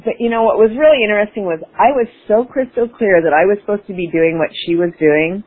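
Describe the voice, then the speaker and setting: A woman's voice: medium pitch, fast talker, breathy edge. A woman guest in an interview, telling a personal story with enthusiasm, laughing and acting out her past self. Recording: phone-like radio broadcast.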